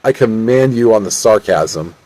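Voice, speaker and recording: A man voicing a gruff, bossy male sheriff in a stilted read-aloud way. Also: on the low side, lively intonation, moderate pace, dark tone, no room sound, natural voice, low-quality recording.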